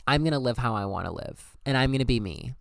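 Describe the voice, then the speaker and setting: A young man speaking in a smooth, clean voice, telling his own story in a candid, emphatic monologue. He swears freely, and the sound is dry and close. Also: medium pitch, animated, quick pace, a bit bright, dry recording. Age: young adult. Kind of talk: personal monologue.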